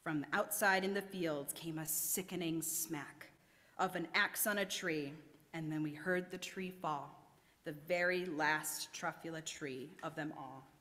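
A woman reading a rhyming storybook aloud at a worship service, telling it in an expressive, theatrical way. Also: sits low, unhurried, in a large hall. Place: church sanctuary.

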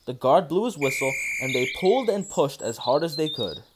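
Animated man reading a storybook aloud. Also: on the high side, normal speed, noisy background. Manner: expressive, animated read-aloud. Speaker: narrator. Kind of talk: storybook narration for children. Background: soft background music and birdsong.

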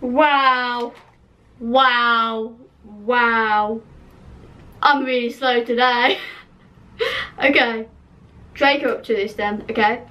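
Young woman, high voice, slow talk, giggly, self-mocking, casual chat, distant mic. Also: fairly even intonation, fairly bright tone. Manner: giggly, self-mocking, laughs often at her spelling. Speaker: channel host reading an old dream book. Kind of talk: casual chat reading aloud.

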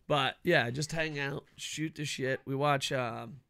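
A middle-aged man ranting loudly about wrestling, cranky and swearing constantly. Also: medium pitch, steady tone, moderate pace, creaky, hardly any pauses, clear, resonant tone. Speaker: wrestling commentary vlogger. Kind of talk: profane ranting commentary.

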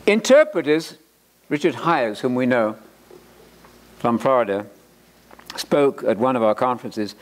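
Animated, joking male Bible lecturer. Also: medium pitch, a little slow, long pauses. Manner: animated and joking, repeats words for emphasis, quotes authors aloud. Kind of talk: lecture-style sermon.

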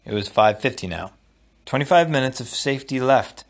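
Steady male storybook reader. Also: medium pitch. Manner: steady, measured narration. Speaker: audiobook reader. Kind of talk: storybook read-aloud.

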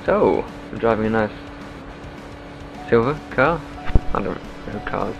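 A man's voice: lowish voice, lively intonation, a little slow, vocal fry. Joking man playing a driving game. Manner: joking, blurts reactions and swears. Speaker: gaming channel host. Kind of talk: casual gameplay commentary. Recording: dull, lo-fi mic over game music. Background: game music.

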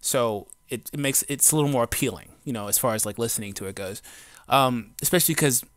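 This adult man, a gaming YouTuber, rants unscripted to camera on a dry home recording mic with no room sound. His medium-pitched voice is fairly bright and quick, and his blunt, defiant delivery rambles loosely, slangy and full of profanity and fillers.

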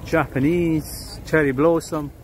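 Brief: male vlogger in a park, fairly high voice, slow delivery, keeps repeating himself, faint outdoor noise. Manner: excitable, repeats words and phrases. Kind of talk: casual vlog chat with passers-by.

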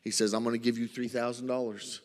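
Man, southern accent, missionary report, folksy storyteller, mid pitch, church hall reverb. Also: little pitch movement, quick pace. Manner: folksy storytelling, acts out dialogue. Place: church sanctuary.

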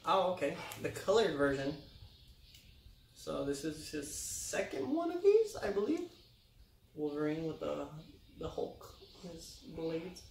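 A man's voice: on the high side, huge pitch swings, vocal fry, distant mic, slight background noise. A young man, the host's son, chatting casually in a playful, joking way and drawing out his words. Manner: joking, playful, slow and drawn out. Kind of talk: casual chat. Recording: roomy sound a bit off-mic.

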